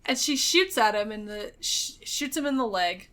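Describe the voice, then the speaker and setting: A woman chatting on a podcast, walking through a movie's plot in a loose, rambling way. Her voice sits in a middle pitch with a bright, forward tone. She fills gaps with little fillers as she goes. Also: expressive, moderate pace. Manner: rambling retelling with frequent fillers and laughs. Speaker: podcast co-host. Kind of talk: casual movie recap chat.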